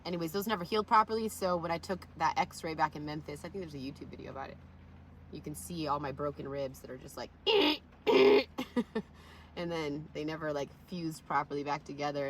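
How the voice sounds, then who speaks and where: A woman with a lowish voice tells rambling, profane stories in a casual vlog. She leans into the drama with sudden loud outbursts. A faint background hiss sits under her voice. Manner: profane, animated storyteller with sudden loud bursts. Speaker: vlogger.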